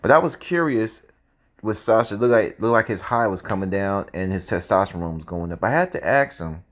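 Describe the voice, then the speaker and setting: A man telling a story in a casual, animated, conversational way, with frequent cursing. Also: fairly low pitch, brisk.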